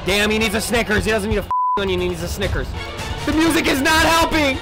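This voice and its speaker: A man giving excitable let's-play commentary, often yelling and talking to his chat, with game music behind. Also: high-pitched, fast, low-quality recording. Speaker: gaming video creator.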